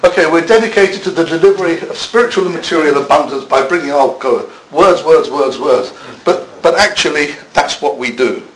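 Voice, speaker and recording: A man's voice: fairly high pitch, brisk, few pauses, a little hiss or hum, low-quality recording. A man preaching a sermon in a church, conversational, with self-deprecating asides.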